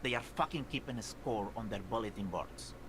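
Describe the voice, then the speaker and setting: An actor playing a bitter dockworker who sneers at the police with crude language. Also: male voice, fairly low pitch, expressive, a little fast, reverberant, a loud crowd, lightly acted. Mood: scornful. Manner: scornful.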